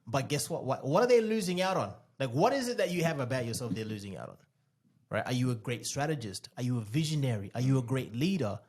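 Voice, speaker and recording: A man co-hosting a podcast, a former dating coach giving animated advice, repeating key phrases for emphasis. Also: mid-range voice, quick pace. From Australia.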